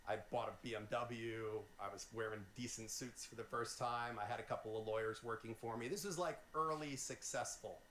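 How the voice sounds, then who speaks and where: Male guest, 50s, lively anecdote teller, echoey room. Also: medium pitch, fairly quick, few pauses. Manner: animated, swears freely, lively quoted voices. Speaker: guest, lawyer. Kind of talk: casual storytelling. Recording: roomy echo, faint noise.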